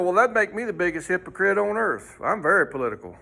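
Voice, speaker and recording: A man's voice: sits high, very animated, fast talker, gravelly, hardly any pauses, bright, forceful tone. A man teaching a folksy Sunday school lesson, rambling and throwing in rhetorical questions.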